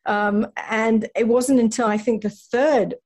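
An English woman telling stories in an interview, her voice a little husky. She is self-deprecating, restarts her sentences often and laughs at herself. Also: a little high, steady tone, a little slow, a little mellow. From England. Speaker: actress guest. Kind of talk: casual interview chat.

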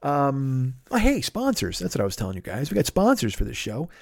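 A podcast host delivers a rambling, profane sponsor plug amid casual chat, repeatedly breaking off and starting over. His medium-pitched voice is creaky and brisk with huge pitch swings, recorded in clean studio quality with no room sound.

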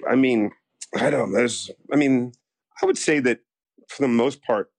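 This young soap actor from the United States has a mid-range, darkish voice with some vocal fry, speaking at a moderate pace with no echo. Chatting casually in an interview, he tells rambling stories full of fillers and performs the quotes.

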